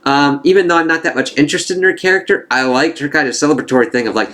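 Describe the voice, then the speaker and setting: A man giving a casual spoken review of a TV series, rambling and excitable, swearing freely as he goes. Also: a little high, quick pace, few pauses, a little hiss or hum. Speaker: TV show reviewer.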